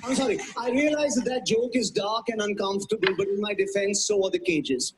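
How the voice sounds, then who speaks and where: High-voiced Indian man doing stand-up. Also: brisk, background noise. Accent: Indian English. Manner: wry, self-mocking, punchy delivery with put-on voices. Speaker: stand-up comedian. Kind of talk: stand-up routine. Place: stage before a live audience.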